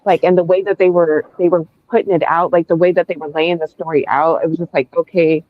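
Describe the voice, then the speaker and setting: A woman's voice: fairly low pitch, steady tone, quick pace. A woman hosting a book club talk, speaking bluntly and swearing freely as she gives her opinions. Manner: blunt, profane and emphatic when ranting. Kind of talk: casual podcast discussion. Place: remote video call. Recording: tinny phone-like dry sound.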